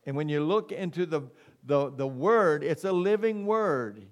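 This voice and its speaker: A man's voice: on the high side, lively intonation. A middle-aged man preaching a sermon as pastor, emphatic and calling for "amen" from the congregation. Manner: slow, emphatic preaching with call-and-response "amen".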